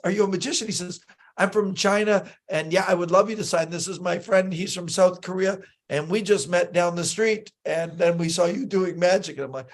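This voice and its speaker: A man's voice: sits high, brisk. A man in casual chat, telling travel stories as a magician, acting out quoted lines with many fillers and restarts.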